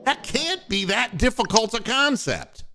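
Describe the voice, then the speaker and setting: A man's voice: very high-pitched, sing-song, measured pace, gravelly, bright, forceful tone. A man hosting a postgame sports radio show, ranting angrily with lots of profanity. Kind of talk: postgame sports talk rant.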